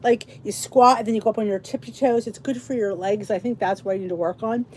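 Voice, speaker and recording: A woman's voice: mid-range voice, fairly even intonation, quick pace, darkish tone, slight background noise. A middle-aged woman hosting a casual livestream, chatting in a rambling, tired-sounding way to her viewers. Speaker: livestream host. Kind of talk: casual chat to a live audience.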